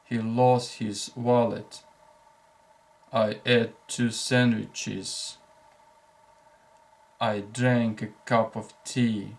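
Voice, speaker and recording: A male English teacher, a native Russian speaker, reading short example sentences for learners slowly and deliberately, with clear breaks between sentences. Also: mid-range voice, little pitch movement.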